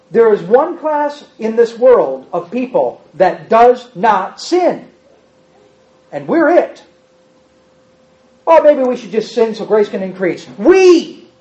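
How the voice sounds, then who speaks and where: A male preacher delivers a sermon that builds through repetition. He keeps circling back to one idea and lands it with rising, forceful emphasis. He throws questions out to the congregation, and the recording sounds somewhat dull and muffled. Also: high voice.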